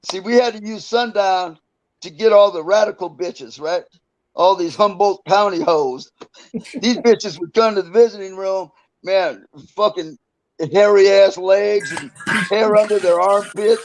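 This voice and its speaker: Speaking at a measured pace in a high voice, an older former prisoner guests on a casual interview. He wanders through crude anecdotes about his past with chuckles between them, captured on a rough recording.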